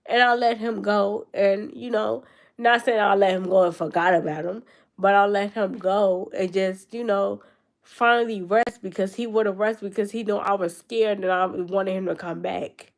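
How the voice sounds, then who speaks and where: A young woman speaks casually to her camera from a bedroom at home, reflective and conversational. Her voice has a gravelly, frying edge at the ends of phrases, sitting at an ordinary pitch for a woman. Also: normal speed. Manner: reflective, loose and conversational, many fillers. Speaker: vlogger. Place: her grandmother's room at home.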